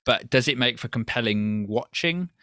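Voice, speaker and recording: Bright-voiced joking man. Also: mid-range voice, animated, normal speed, no echo, clean studio sound. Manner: jokey, interrupts, mock posh British impressions. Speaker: podcast co-host. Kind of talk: casual film review chat.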